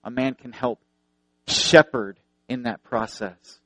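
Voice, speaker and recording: An earnest male preacher delivering a sermon, leaning on repeated phrases to drive points home and slipping into storytelling. His voice sits at an ordinary middle pitch and sounds dry and close, with no room echo. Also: fairly even intonation, slow. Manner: earnest, repeats phrases for emphasis, tells anecdotes.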